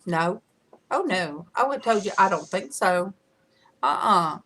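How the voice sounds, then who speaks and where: A middle-aged woman leads a relaxed livestream conversation in front of a camera, talking slowly and stopping often on "uh" and "um". Her voice has a bright, forward edge. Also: mid-range voice. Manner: chatty, rambling with many fillers. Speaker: livestream host. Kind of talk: casual chat. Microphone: camera mic.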